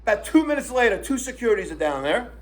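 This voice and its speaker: Fired-up man ranting, high and lively. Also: quick pace. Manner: indignant, profane, animated retelling. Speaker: vlogger. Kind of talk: storytelling rant to camera.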